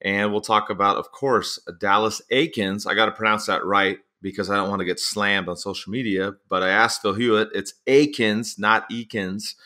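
A man hosting a sports podcast in casual chat, a chatty and animated storyteller. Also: lowish voice, moderate pace, few pauses. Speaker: podcast host.

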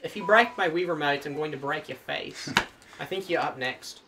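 A man's voice: on the high side, normal speed, background noise. A man hosting a gaming video, teasing his friends in playful banter. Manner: teasing, mock-bossy banter. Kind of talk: goofy gaming chat.

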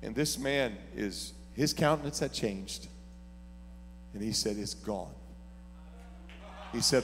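A man preaching a sermon as pastor, telling stories and building to shouted preaching. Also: fairly low pitch, takes it slowly, pauses often, long reverb tail, slight background noise. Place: church sanctuary.

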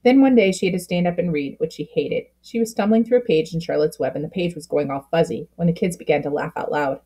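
A woman reading a children's book aloud with expressive storytelling, slowing down at key moments. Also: deep voice. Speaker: storybook reader.

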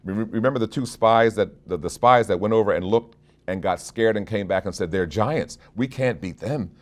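A man preaching a sermon, reading scripture and explaining it to his congregation, rising in pitch and force when quoting and dropping low for asides. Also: normal speed. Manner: conversational preaching with restarts and direct appeals. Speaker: pastor.

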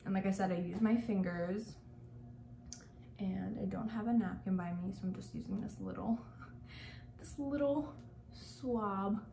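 A woman's voice: mid-range voice, steady tone, moderate pace, creaky, mellow, a little hiss or hum. Gushing young woman in an echoey room. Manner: chatty and gushing, heavy use of "like". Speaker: makeup artist and beauty vlogger. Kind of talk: casual makeup tutorial talk.

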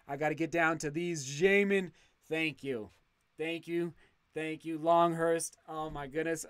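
Livestream host, male, effusive and excitable; smooth, resonant tone. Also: high-pitched, no room sound, clean studio sound. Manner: excitable, effusive thanks, frequent restarts. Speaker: channel host reading live chat. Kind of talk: casual livestream chat.

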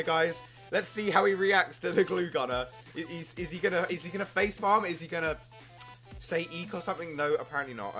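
An excitable young man giving casual gameplay commentary, jumping into yelps when things go wrong. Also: on the high side. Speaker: gaming YouTuber.

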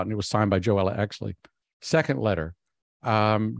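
A man giving a keynote speech, telling a personal story in an animated way and acting out his own inner voice. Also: fairly low pitch, moderate pace, vocal fry, no echo. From Texas. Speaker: keynote speaker.

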